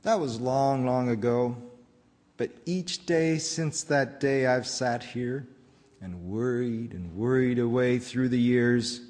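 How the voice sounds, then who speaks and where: A man's voice: medium pitch, a little mellow, long reverb tail, close to an everyday voice. A man voicing a greedy factory owner who tells his own story in rhyme, read aloud in a church. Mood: sorrowful. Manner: rhyming storybook narration, slow and dramatic.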